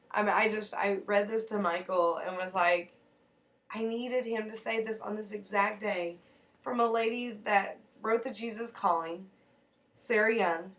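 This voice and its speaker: A woman's voice: medium pitch, steady tone, a little slow, fairly bright tone, far from the mic, rough recording. A woman in her thirties sharing heartfelt faith reflections in a personal vlog, rambling earnestly with restarts.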